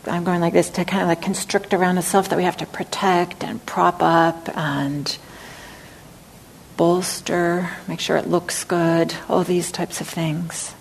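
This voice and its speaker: A woman meditation teacher giving a dharma talk, speaking gently and reflectively, sometimes dropping to a soft near-whisper. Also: on the low side, level tone, measured pace, creaky, slight background noise, low-quality recording.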